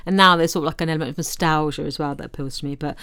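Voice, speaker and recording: A woman's voice: deep voice, fairly even intonation, very fast, pushed and bright, clear, resonant tone, no echo. A woman co-hosting a podcast, chatting casually about an old film and often restarting her sentences. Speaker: podcast co-host.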